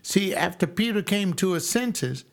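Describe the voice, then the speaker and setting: A man's voice: sits high, animated, creaky. Folksy emphatic preacher man. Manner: folksy, emphatic preaching with slow stressed repeats. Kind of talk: sermon.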